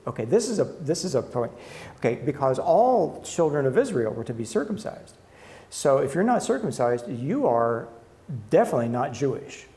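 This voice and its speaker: A man teaching a Bible lesson, reading scripture aloud and commenting, often halting and correcting himself. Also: mid-range voice, sing-song, mellow.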